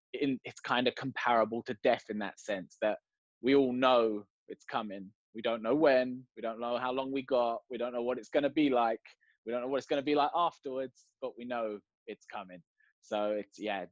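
A man's voice: medium pitch, steady tone, normal speed, no room sound. A man musing thoughtfully in a casual chat. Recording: slightly dull lo-fi mic.

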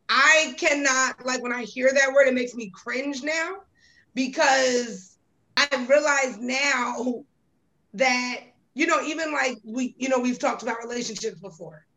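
A woman's voice: sits high, a bit bright, low-quality recording. A woman co-hosting a podcast, speaking in a reflective, thoughtful way. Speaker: podcast co-host. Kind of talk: casual podcast chat.

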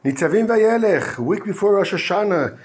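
A man's voice: high-pitched, moderate pace. A man, a rabbi at a yeshiva giving a weekly Torah talk in English. He often restarts while searching for English words. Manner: animated, acts out quoted speakers in raised voices.

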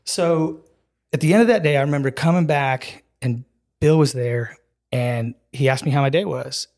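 A man's voice: medium pitch, moderate pace. Earnest man telling his story. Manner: animated storyteller who acts out dialogue with "I'm like" and "he's like"; earnest and emotional, with filler "like" and "dude". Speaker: podcast guest. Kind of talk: casual storytelling interview.

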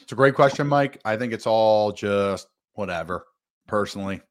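A man who once played pro football, talking as a guest on a sports radio show and stressing his points with big jumps in pitch. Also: moderate pace. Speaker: guest, former NFL player. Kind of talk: casual sports radio talk.

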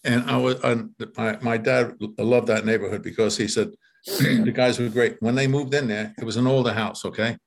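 A man's voice: medium pitch, fairly even intonation, moderate pace, creaky. Older man, casual reminiscing, rambling, repeats words, chuckles often.

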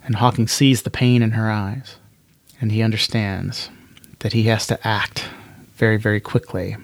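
A man's voice: on the low side, little pitch movement, normal speed, gravelly, no room sound. Dry-sounding man narrating a solo game.

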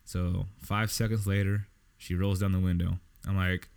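Low, smooth and creaky, a man's voice moves at a moderate pace as he hosts a podcast. His long, casual story brims with swearing and animated quoted dialogue he acts out.

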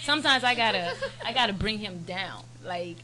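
A woman guest in casual podcast chat, telling animated stories and quoting the people in them. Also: mid-range voice, normal speed. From United States, Haitian family. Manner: animated storyteller, quotes people in their own voices. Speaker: podcast guest, media brand owner.

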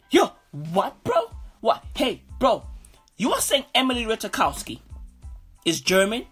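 Brief: husky, higher-pitched woman host doing a swaggering comedic podcast rant. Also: very animated, unhurried, bright, forceful tone, faint music behind. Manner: brash, swaggering bro talk, calls everyone bro.

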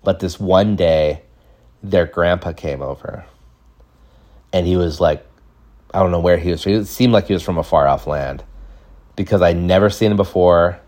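A man's voice: sits low, normal speed, pauses often, darkish tone. A man in his thirties telling a casual, rambling, jokey story from his childhood, acting out bits of it. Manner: rambling, jokey, acts out voices. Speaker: podcast storyteller.

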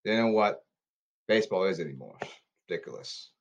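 A man ranting about baseball and social media in repetitive, halting bursts. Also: medium pitch, fairly bright tone, dull audio. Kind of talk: rambling ranting commentary.

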